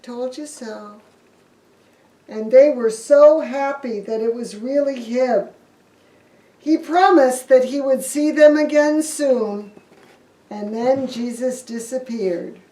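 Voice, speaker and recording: A woman pastor tells a Bible story for children in a slow, playful manner. Her voice sits a little high. She is recorded from a distance in an echoey room. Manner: lively, playful telling.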